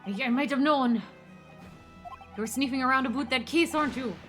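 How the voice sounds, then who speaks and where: A gruff, suspicious prison governor, voiced by a woman with a shaky made-up accent and a bright edge. He is rude and blustering, over light game music. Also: a little high, fairly quick, lightly acted. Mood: gruff, hostile. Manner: improvised wobbly put-on accent, breaking into laughter.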